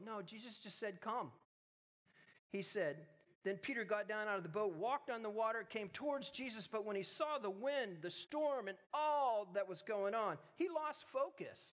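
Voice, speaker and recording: A high-pitched man delivering a sermon. He retells the story in a relaxed, joking way, then presses his points with emphatic, rising urgency. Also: normal speed. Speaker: pastor.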